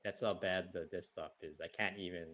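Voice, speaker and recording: A man's voice: low voice, fairly even intonation, normal speed, a bit bright. A laid-back man chatting and laughing on a casual online call from his computer.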